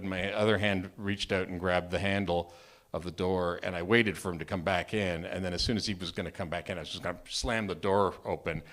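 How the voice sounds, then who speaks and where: A married man telling a true personal story at a live open mic, animated and self-mocking, often restarting his sentences. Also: lowish voice. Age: adult, married. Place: storytelling venue, live event.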